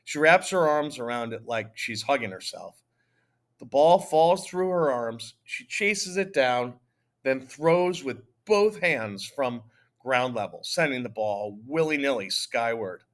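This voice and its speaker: A man narrating a children's novel in the first person, easy and conversational. His voice sits in a middling pitch and carries the story along with a lively touch. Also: measured pace. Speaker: audiobook narrator.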